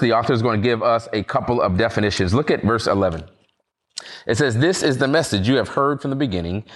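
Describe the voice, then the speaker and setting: A man preaching a conversational sermon at a virtual service, earnest and relaxed, with frequent fillers. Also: medium pitch. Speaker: pastor.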